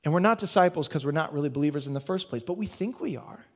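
A man with a notably high voice delivers a sermon as a pastor. He preaches earnestly, stacking one reason on another in repeated chains. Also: expressive, fast talker, a little mellow. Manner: earnest, repetitive preaching with building cause-and-effect chains.

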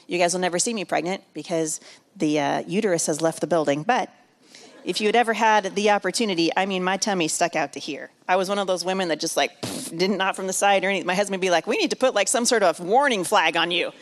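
A middle-aged woman giving a sermon at a women's retreat, telling a personal story. She moves between hushed and loud, repeats phrases for emphasis and jokes with the audience. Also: fairly low pitch, quick pace. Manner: emotional, builds from hushed to loud and back. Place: large room at a women's retreat.

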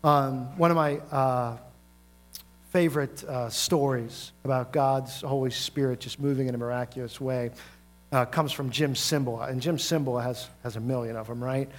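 A man's voice: medium pitch, steady tone, moderate pace, faint music behind. A man preaching a sermon, telling a story in a conversational way with many fillers and building to emphatic peaks. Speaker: pastor.

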